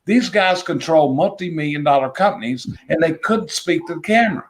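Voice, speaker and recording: A man's voice: on the high side, brisk, a little hiss or hum. A middle-aged man with a Southern US accent, a business coach talking bluntly and emphatically as a guest in an interview, repeating his points for effect. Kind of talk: casual interview talk.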